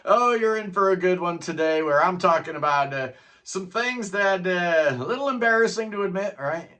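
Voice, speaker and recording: A middle-aged man holds forth alone to his viewers in a loose, chatty ramble. His voice sits a little high for a man and rings bright, and he keeps dropping "man" at the ends of his sentences. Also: lively intonation, moderate pace. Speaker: music vlogger. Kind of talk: casual solo monologue.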